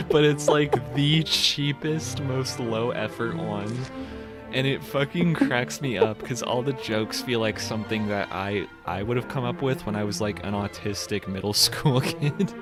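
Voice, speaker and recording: A man in casual chat, swearing freely, animated, and laughing often as he recounts things. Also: mid-range voice.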